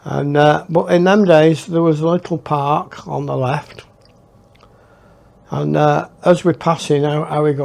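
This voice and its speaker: A man's voice: on the high side, steady tone, measured pace, creaky, darkish tone. A man telling his memoir in a rambling, reflective way. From northern England. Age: 60s. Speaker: storyteller. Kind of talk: memoir storytelling.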